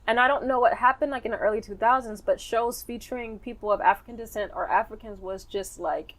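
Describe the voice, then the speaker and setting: A woman's voice: on the high side, fairly quick, a bit bright, low-quality recording. A woman aerialist telling her story casually in an interview, with many fillers. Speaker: guest, aerialist.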